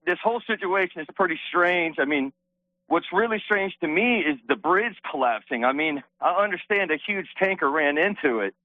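A man's voice: fairly high pitch, no echo. A man calling in to a radio show, a little out of breath, explaining things earnestly and politely. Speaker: caller. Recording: tinny phone line.

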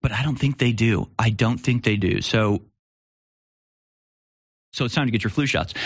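A man's voice: medium pitch, moderate pace, long pauses, breathy edge, dry recording. A man hosting a live commentary show, talking in a rambling way with restarts and sarcastic asides. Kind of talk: casual opinion commentary.

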